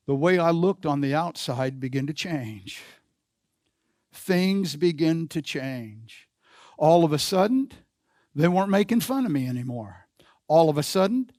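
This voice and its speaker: Higher-pitched male preacher, dry sound. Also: a little mellow, no echo. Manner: call-and-response preaching, repeats phrases, builds in force. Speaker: pastor. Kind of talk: sermon. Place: church sanctuary.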